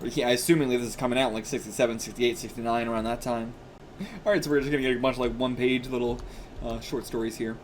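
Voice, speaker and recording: A man's voice: mid-range voice, fairly even intonation, quick pace, slight background noise. A man hosting a manga reaction video, talking in a chatty, casual way, laughing often and filling his talk with "like" and "you know".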